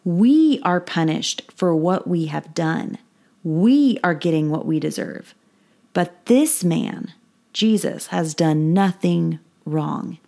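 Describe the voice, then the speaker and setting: A woman voicing a repentant male criminal on a cross in a Bible story reading, slow and earnest. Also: lowish voice, lively intonation, gravelly, mellow, heavily acted. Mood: solemn.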